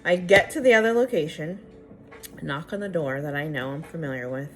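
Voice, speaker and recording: A woman's voice: low-pitched, brisk. A young woman vlogger telling a personal story casually, acting out the dialogue with exasperated asides. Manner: animated, acts out the dialogue.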